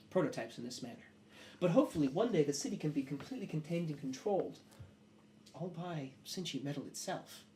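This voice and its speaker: A man's voice: a little high, animated, brisk, mellow, a little hiss or hum, lightly acted. A man doing a suave scheming nobleman. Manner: suave, hesitant, formal. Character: smooth scheming male noble, ambitious.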